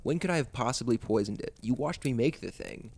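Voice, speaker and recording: A man's voice: medium pitch, lively intonation, fairly quick, gravelly, darkish tone. A man reading the part of a teenage girl babysitter, coaxing and teasing. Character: teenage female babysitter, sly then frightened.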